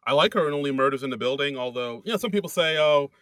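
A man co-hosting a casual podcast, chatty and quick to laugh, with many hesitant fillers. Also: medium pitch, animated, fairly bright tone, no echo. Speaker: podcast co-host. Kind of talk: casual chat.

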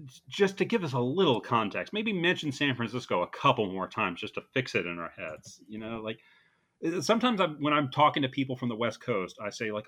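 A man from New Jersey co-hosting a casual film review podcast, an animated and joking storyteller. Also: mid-range voice, brisk. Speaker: podcast co-host.

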